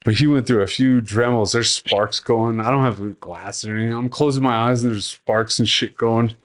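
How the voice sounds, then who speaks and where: A man's voice: mid-range voice, steady tone, normal speed. Profane storytelling man hosting a podcast. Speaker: podcast host. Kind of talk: casual storytelling chat.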